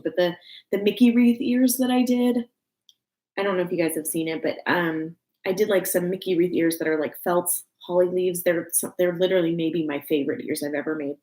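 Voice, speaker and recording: A young woman with a Texan drawl chats loosely on a home crafting livestream, full of fillers, restarts and giggles. Her voice sits a little low. The room around her is echoey. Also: a little mellow. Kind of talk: casual livestream chat. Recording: roomy home echo.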